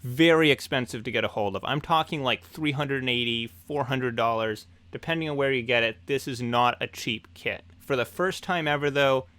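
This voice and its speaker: A young man hosting a hobby news show, talking in an excited, enthusiastic way. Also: medium pitch, normal speed, hardly any pauses, no room sound.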